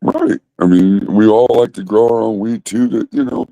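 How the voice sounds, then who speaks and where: Male host, deep dark rasp, laid-back rambling delivery. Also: moderate pace, no echo, muffled recording. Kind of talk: casual livestream chat.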